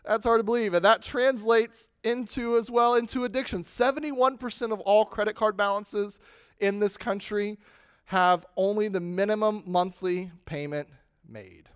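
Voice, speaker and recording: A man preaching a sermon, leaning hard into key phrases and then dropping to a hush. His fairly high voice is smooth and clear. The recording is dry and close. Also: measured pace, no echo. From United States. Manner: emphatic, swings between loud stress and quiet endings. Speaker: pastor.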